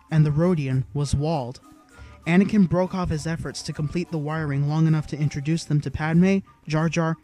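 A man reads an audiobook in a steady storytelling manner. His voice sits somewhat higher than most men's, and soft music runs faintly behind him. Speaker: audiobook narrator. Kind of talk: scripted narration.

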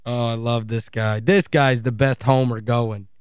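A man's voice: medium pitch, fairly even intonation, a little slow, smooth, no echo, studio quality. A man hosting sports talk radio, gleeful and mocking as he plays clips. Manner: gleeful, mocking, laughs often.

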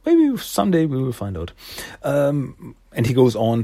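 Man, casual comic recap, rambling delivery, husky mid-range voice. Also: mid-range voice, wildly swooping pitch, measured pace, mellow. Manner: rambling, loose storytelling with fillers. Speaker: comic reviewer.

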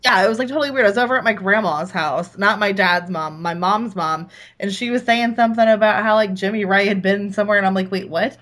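A woman's voice: mid-range voice, fast, hardly any pauses, a bit bright. A woman co-hosting a podcast, telling a childhood story in a rambling, playful way. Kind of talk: casual chat.

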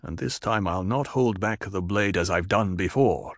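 A man voicing a grave, firm male tribal leader, speaking in a measured way. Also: deep voice, a bit bright, dry recording, clean studio sound. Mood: stern.

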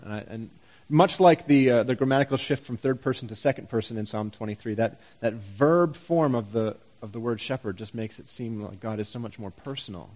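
A man's voice: mid-range voice, a little fast, a little mellow. A man pastor giving a sermon in a church, conversational and full of rhetorical questions and wry humor.

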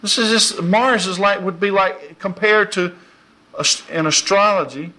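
Folksy, bright-voiced male preacher. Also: sits high, a little slow. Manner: folksy, animated, laughs often. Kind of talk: informal sermon.

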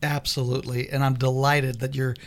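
A man's voice: mid-range voice, little pitch movement, brisk. Man, pastor guest, friendly casual chat, studio. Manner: friendly, easygoing, laughs often. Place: radio studio.

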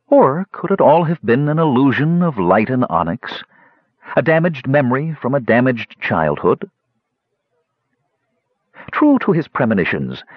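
A man narrating a fantasy audiobook in a measured, expressive reading style. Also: medium pitch, no echo. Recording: dry, dull lo-fi recording.

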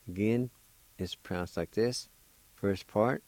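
A man's voice: lowish voice, unhurried, warm tone, no echo. A man hosting a radio language lesson, spelling words letter by letter and patiently sounding out each syllable. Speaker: language teacher and radio host. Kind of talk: slow spelled-out pronunciation lesson.

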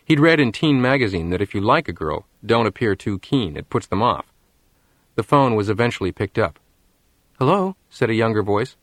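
A man's voice: on the low side, lively intonation, a bit bright, no room sound. Man narrating in a dry, close voice. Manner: measured storytelling. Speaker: audiobook narrator. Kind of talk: scripted narration.

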